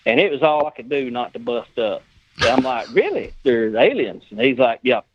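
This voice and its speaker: A man's voice: medium pitch, fairly quick, muffled recording, a little hiss or hum. A man telling a long anecdote in casual chat, acting out the dialogue of the people in it. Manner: animated anecdote teller acting out quoted dialogue. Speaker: guest, custom car builder. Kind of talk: casual storytelling.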